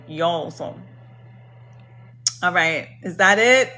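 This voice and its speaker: A woman's voice: mid-range voice, unhurried, fairly bright tone. A woman hosting a late-night livestream of donation-based card readings, chatting casually and greeting viewers by name in a bubbly, slangy way.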